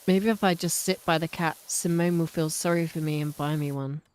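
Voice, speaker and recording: A woman's voice: deep voice, steady tone, fairly quick, darkish tone, poor audio. A woman chatting casually on a game live stream, rambling and self-mocking.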